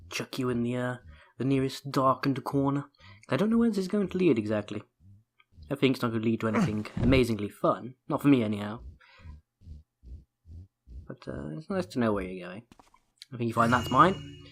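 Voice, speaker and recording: A man's voice: medium pitch, fairly quick, long pauses, a bit bright. A man hosting a let's play, giving joking, self-mocking gameplay commentary into a desk microphone and talking to the game character.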